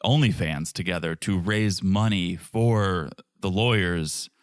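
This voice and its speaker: A man's voice: deep voice, slow, dry recording, clean studio sound. A man co-hosting a podcast, giving opinionated takes on a reality show in casual chat. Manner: opinionated, lively intonation. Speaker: podcast co-host.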